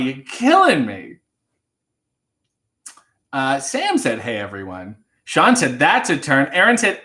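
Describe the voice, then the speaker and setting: A man's voice: high voice, sharp tone. A young man hosting a casual livestream, reading viewer requests and singing Christmas songs between loose, joking chat. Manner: sings Christmas songs, then chats loosely with swearing and asides.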